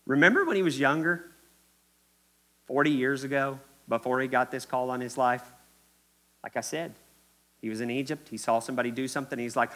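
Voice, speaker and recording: A male pastor from Kentucky preaches in his Kentucky accent, his voice bright and sharp. He leans on repetition and speaks straight to the congregation in a church. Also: mid-range voice, fairly quick, long pauses. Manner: emphatic, repetitive, addresses the congregation directly. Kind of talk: sermon.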